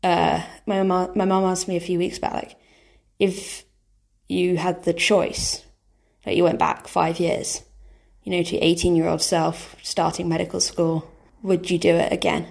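A woman's voice: on the low side, level tone, a little slow, creaky, darkish tone. A young British woman, a medical student in her twenties, chatting casually with lots of "like". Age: 20s. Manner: filler-heavy, lots of "like". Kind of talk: casual chat.

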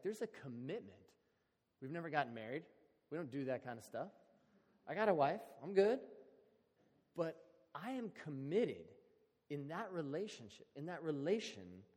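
A man preaching a sermon in a relaxed, conversational, storytelling way. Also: on the high side. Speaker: pastor. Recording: long hall reverb.

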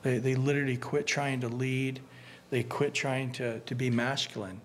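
A man preaching a conversational sermon as pastor, earnest and animated, often restarting his sentences. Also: medium pitch, moderate pace, slight background noise. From United States.

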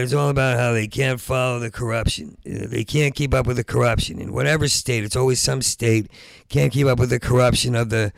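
A man's voice: mid-range voice, creaky, no room sound, studio quality. An older man with Parkinson's telling a rambling, profane comic monologue, stammering and repeating sounds and trailing off into mutters. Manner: stammering, halting, repeats sounds at word starts. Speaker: stand-up comedian.

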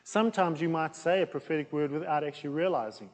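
Loud-voiced preacher in a reverberant hall. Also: male voice, on the high side, fast talker. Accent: non-local accent in England. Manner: loud, plain-spoken, conversational with asides. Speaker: pastor teaching a series. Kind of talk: sermon teaching.

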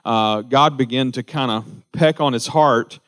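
A man's voice: mid-range voice, a little slow, a bit bright. A man, a pastor giving informal church announcements, rambling with many fillers and restarts.

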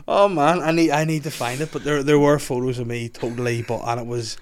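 This is a man, spinning stories in a relaxed podcast chat. He talks animatedly and breaks into laughter often. His pitch sits at an ordinary middle height. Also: normal speed. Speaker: podcast guest. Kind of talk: casual chat.

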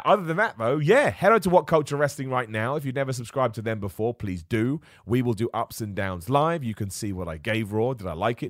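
A man hosts a live wrestling podcast in a chatty, rambling way, reading viewer comments aloud as he goes. He talks quickly and keeps up a steady stream of chat. The sound is dry and close, with no room echo. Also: mid-range voice.

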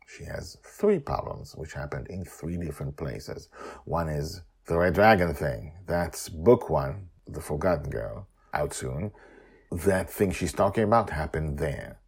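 Husky animated man narrating a story. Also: unhurried. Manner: animated, jumps to high excited character voices. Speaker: author and narrator. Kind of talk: storytelling narration with character voices and commentary.

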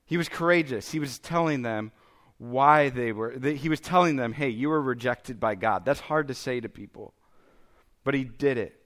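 Pastor, man, 30s; casual conversational sermon delivery, average pitch. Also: normal speed, a bit bright. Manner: conversational, self-deprecating preaching with frequent "okay?" and "right?".

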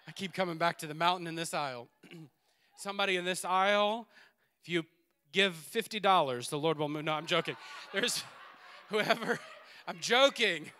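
A man preaching a sermon in a church, swinging between loud exhortation and quiet asides and laughing often. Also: high voice, moderate pace, clear, resonant tone. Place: church sanctuary.

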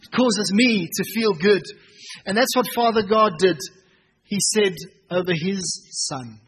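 A man in his thirties, a pastor preaching a sermon and telling family stories with lively, acted-out dialogue. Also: high-pitched, measured pace, slightly rough, low-quality recording. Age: 30s. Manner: animated storytelling, acting out family dialogue.

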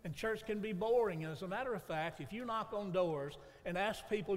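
A man's voice: high voice, lively intonation, brisk, few pauses, in a large hall. A man preaching a sermon, telling folksy stories to his congregation. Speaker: pastor.

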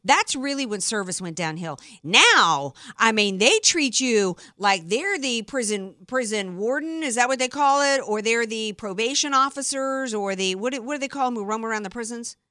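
Animated, bright-voiced woman host. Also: a little high, dry recording, clean studio sound. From Deep South of the United States. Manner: emphatic, opinionated, quick asides. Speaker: radio talk show host. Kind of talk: opinionated talk radio chat.

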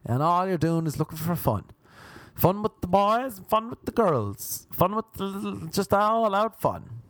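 A young Irish comedian rambles through an absurd story with deadpan, playful timing. His voice is gravelly and swoops up and down a lot. The sound is dry and close. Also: high-pitched, unhurried, no echo. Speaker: comedian podcast host. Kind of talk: rambling comic monologue.

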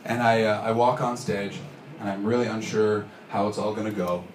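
A stand-up comedian from Canada tells a story on a club stage, now and then shouting out the lines of the people in it. His voice comes from some distance in a roomy live space. Plenty of noise sits behind him. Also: fairly low pitch, flat delivery, moderate pace. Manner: storytelling, acts out characters with shouted bits.

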